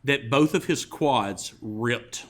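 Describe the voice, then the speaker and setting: A man with a medium-pitched voice and slow delivery co-hosts a podcast in casual conversation. He laughs often and jokes at his own expense.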